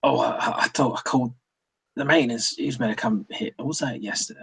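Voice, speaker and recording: A man voicing a muddled, gruff old lighthouse keeper who rambles distractedly. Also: mid-range voice, fast, a bit bright, full character voice.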